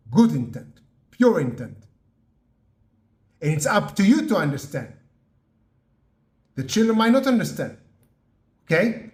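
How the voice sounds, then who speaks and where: A man giving an earnest motivational talk, slow and emphatic, often checking in with "yeah?" and "okay?". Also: a little high, reverberant. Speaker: motivational podcast host.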